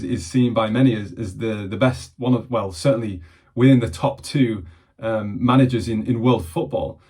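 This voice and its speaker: A man's voice: on the low side, darkish tone, breathy edge. A man from England speaking earnestly to camera as a mentor, often repeating words as he restarts a phrase. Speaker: mentor and vlogger. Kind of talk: reflective talk to camera.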